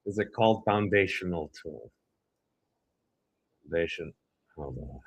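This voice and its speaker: A man's voice: low-pitched, huge pitch swings, unhurried, gravelly, long pauses, slightly rough. A man from New England, co-hosting a podcast and giving rambling, self-interrupting commentary while reading an article. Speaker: podcast co-host.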